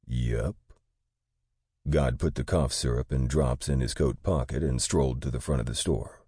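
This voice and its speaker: A man narrating an audiobook in a steady, matter-of-fact way. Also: extremely low pitch, moderate pace, husky, no echo, studio quality.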